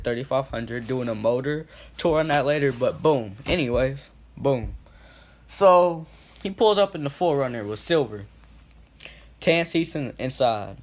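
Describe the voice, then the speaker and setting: A young man telling a casual story, rambling with lots of "like" and "boom", getting loud and then quiet as he acts out scenes. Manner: swings from loud to quiet when acting out scenes.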